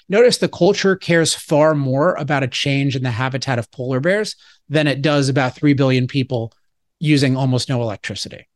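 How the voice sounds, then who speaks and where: A man's voice: mid-range voice, no echo. A man being interviewed, arguing his points emphatically with frequent restarts. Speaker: interview guest. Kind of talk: argumentative interview talk.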